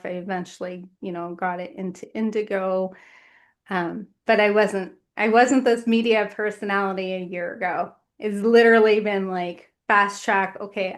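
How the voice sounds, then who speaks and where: A woman guest on a podcast, telling her own story in an earnest, measured voice. She speaks in short, considered phrases at an ordinary middle pitch. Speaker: guest author. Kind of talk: reflective podcast conversation.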